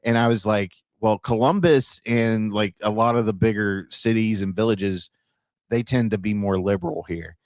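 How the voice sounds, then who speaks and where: A man from Ohio hosting a podcast, telling stories in a loose, animated way and acting out the dialogue, with casual swearing. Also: fairly low pitch, normal speed, no echo, clean studio sound. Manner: animated storyteller who acts out dialogue and swears freely. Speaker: podcast host.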